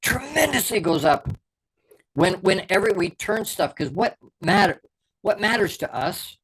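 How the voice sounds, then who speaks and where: A man's voice: sits high, lively intonation, normal speed, a bit bright, husky, poor audio. A middle-aged man hosting a podcast, giving a fervent motivational talk as a performance coach and repeating key words for emphasis.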